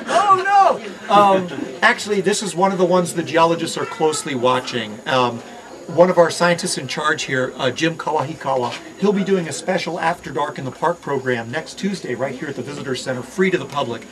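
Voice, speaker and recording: A middle-aged man from Hawaii giving an outdoor park ranger talk, joking with visitors and quizzing them on the sights. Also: a little high. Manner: playful, quizzes the crowd and jokes. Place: outdoors at a volcano viewpoint. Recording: outdoor recording with audible crowd.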